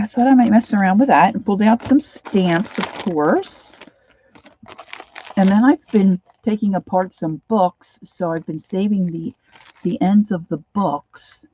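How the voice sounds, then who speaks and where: A woman casually chatting through a craft livestream from her home craft room, rambling and sometimes dropping into soft whispered asides. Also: mid-range voice, a little slow, muffled recording, slight background noise.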